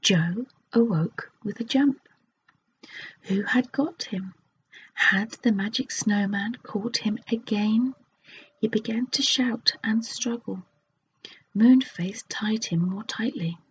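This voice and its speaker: A woman reading a children's fairy tale aloud in a soft, unvoiced ASMR whisper. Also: on the high side, slow pace, husky. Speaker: ASMR storyteller. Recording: dull lo-fi recording with faint hiss.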